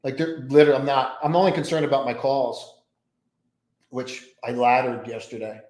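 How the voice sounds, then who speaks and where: A man with a medium-pitched, slightly mellow voice talks at normal speed with fairly even intonation while hosting a pre-market trading livestream. Seated at a home desk lined with monitors, he rambles and drifts off into mumbling, and the room echoes.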